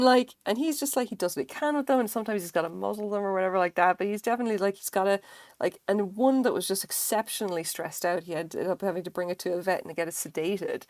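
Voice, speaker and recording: A woman streamer chats casually while she crochets, her talk rambling and full of fillers and offhand swearing. Her voice sits at an ordinary middle pitch. The sound is dry and close, with no room echo.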